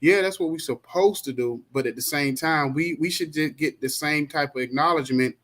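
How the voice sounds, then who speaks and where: A man's voice: fairly high pitch, brisk, fairly bright tone. A man hosting a podcast, talking in a rambling, conversational way. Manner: rambling, conversational, full of fillers and restarts. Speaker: podcast host. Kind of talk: casual interview chat.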